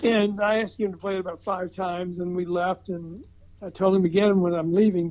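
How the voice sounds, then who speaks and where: An older man from the American South, telling an animated story in casual chat with chuckles and restarts. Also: high voice, moderate pace. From Southern United States. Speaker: record promotion veteran telling a story. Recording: slightly dull, muffled recording.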